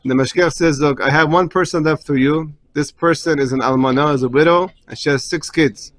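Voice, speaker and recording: A man's voice: a little fast, low-quality recording. A man, a rabbi, telling a story in a class, acting out the characters' lines. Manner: animated storyteller, voices characters with raised pitch. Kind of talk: sermon storytelling.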